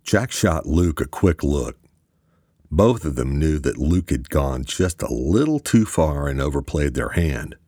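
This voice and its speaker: A man narrating a thriller audiobook in a steady storytelling manner. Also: a bass voice, unhurried, dry recording, studio quality.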